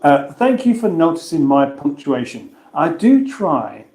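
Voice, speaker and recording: A man's voice: fairly high pitch, very animated, a little slow, a little mellow, roomy sound. A man hosting a casual livestream, reading viewers' comments aloud and answering them in a chatty, self-mocking way. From England. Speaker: livestream host reading chat.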